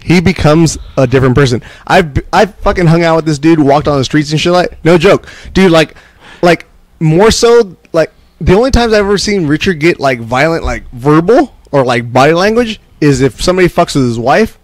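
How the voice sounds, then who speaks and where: A man in drunken casual chat, telling a story fast and profanely, full of fillers. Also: a little high, animated, dry recording. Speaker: podcast co-host.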